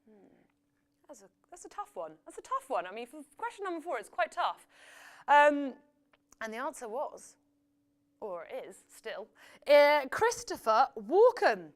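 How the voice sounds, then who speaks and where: A woman's voice: high voice, sing-song, a little slow. Chatty woman hosting a quiz. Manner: chatty, jokey asides, reads out poll results. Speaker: quiz host. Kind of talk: live app quiz hosting.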